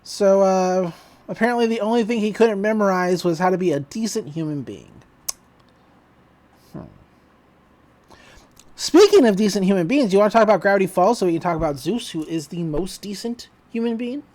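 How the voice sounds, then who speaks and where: A woman's voice: medium pitch, expressive, a little mellow. A woman co-hosting a podcast, chatting casually as she retells an episode and laughs along. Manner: chatty, retells scenes with quick voices and laughs. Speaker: podcast co-host.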